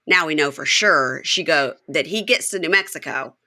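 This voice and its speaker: A woman's voice: deep voice, moderate pace. A woman hosting a podcast, recapping a show in casual chat and acting out the lines she quotes. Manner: animated storyteller who acts out quoted lines. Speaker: podcast host.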